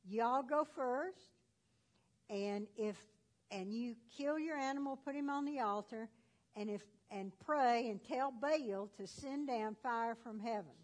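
A woman's voice: a little high, slow. A woman telling a Bible story who voices a bold, confident male prophet in a plain storytelling voice. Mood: instructing.

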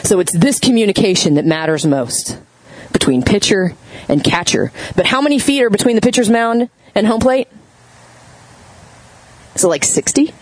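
A woman's voice: mid-range voice, moderate pace, long pauses, no echo, poor audio. Woman preaching a conversational sermon. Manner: conversational, animated storytelling with audience questions. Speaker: pastor.

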